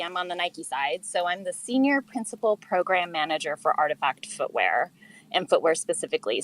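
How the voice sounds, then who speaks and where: A woman's voice: lowish voice, a bit bright. A middle-aged woman, a guest on an online chat, explaining her work in a friendly way with fillers. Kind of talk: casual chat.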